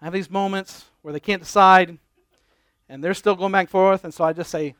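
Brief: middle-aged male pastor, high smooth voice, dry close sound, animated storytelling sermon. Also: fairly quick, no room sound. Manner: animated, exasperated storytelling with quoted dialogue.

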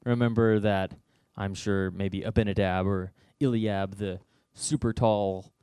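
A young man delivering a casual sermon to a youth group. His storytelling is joking and conversational. His voice sits on the low side, and the recording is dry and close. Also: steady tone, measured pace, warm tone, smooth, dry recording. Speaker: youth speaker.

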